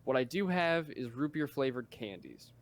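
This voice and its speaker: A man's voice: mid-range voice, lively intonation, normal speed. A young man co-hosting a podcast, talking bluntly and jokingly with plenty of swearing. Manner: blunt, swears a lot, jokey. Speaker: podcast co-host. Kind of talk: casual chat.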